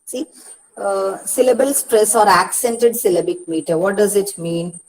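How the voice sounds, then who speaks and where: A woman with an Indian English accent speaks at a deliberately slow pace. She explains poetry step by step in an online counselling lecture. She often says "see" and repeats herself as she teaches. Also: mid-range voice, steady tone, low-quality recording.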